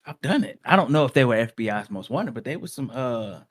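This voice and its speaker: Lively male stream co-host. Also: mid-range voice, a little fast. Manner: loose and joking, with profanity. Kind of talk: casual reaction chat.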